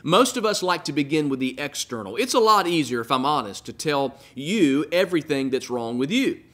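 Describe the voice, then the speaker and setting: A man preaching a sermon in a fairly high voice. He builds points through repeated phrases and lets his line endings drop soft and quiet. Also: lively intonation, fairly quick. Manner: earnest preaching with emphatic repetition and dropped, quiet line endings. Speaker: pastor.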